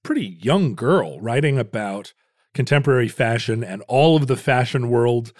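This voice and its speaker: A man's voice: mid-range voice, animated, moderate pace, darkish tone, dry recording, studio quality. A man co-hosting a podcast, chatting casually with playful banter. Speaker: podcast co-host. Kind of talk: casual chat.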